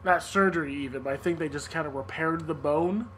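A man's voice: fairly high pitch, a little fast, a bit bright, slight background noise, poor audio. A man hosting a podcast, recounting news in loose, casual chat with frequent laughter and swearing. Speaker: podcast host.

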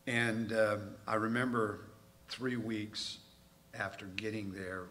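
Low, forceful man preaching. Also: fairly even intonation, slow pace. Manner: candid, self-mocking storytelling. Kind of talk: sermon with personal story. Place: church.

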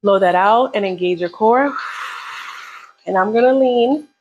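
A woman's voice: mid-range voice, measured pace, lo-fi sound, a little hiss or hum. A woman leading a live beginner workout, coaching casually and encouragingly while counting down reps. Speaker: fitness instructor.

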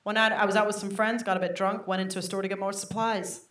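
A woman's voice: mid-range voice, little pitch movement, quick pace, a bit bright. A young woman from England, doing a chatty, self-mocking stand-up set and laughing along with the audience. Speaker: stand-up comedian. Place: comedy club stage. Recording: roomy live club recording with audience noise.

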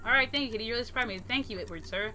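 A woman's voice: on the high side, rapid-fire, sharp tone, faint music behind. A woman reading as a polite little girl.

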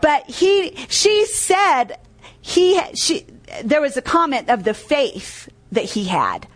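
A woman's voice: sits high, big pitch swings, slow pace. A woman preacher giving a sermon. She tells stories, reads scripture aloud, repeats key phrases for emphasis and quizzes listeners with "what?".

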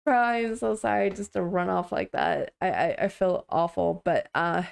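A woman's voice: on the low side, normal speed, vocal fry. A young woman livestreaming, chatting casually with viewers on a headset mic, apologetic and laughing often.

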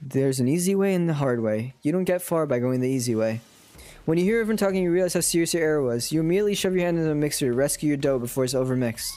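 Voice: mid-range voice, animated, very fast, dark tone, faint music behind. A streamer casually reading a dating sim aloud on a live stream, swearing and laughing at their own slips.

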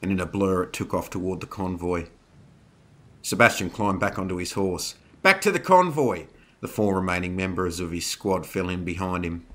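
Deep-voiced man narrating a horror story. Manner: steady, dramatic storytelling.

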